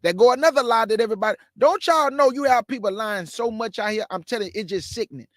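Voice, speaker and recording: High-voiced fast-talking preacher man. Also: fairly bright tone, no room sound, clean studio sound. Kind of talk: live-streamed bible teaching.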